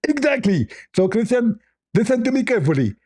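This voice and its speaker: A man's voice: very high voice, big pitch swings, fairly quick, a little mellow, pitched above the performer's own voice, heavily acted. A man doing a pompous male preacher impression with a squeezed, strained voice and a preachy, condescending manner.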